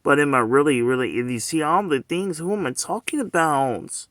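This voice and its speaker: A man's voice: on the high side, moderate pace, fairly bright tone, no echo, studio quality. A man talking straight to the camera in a loose, rambling monologue, circling back again and again with rhetorical questions and "you know what I'm saying.".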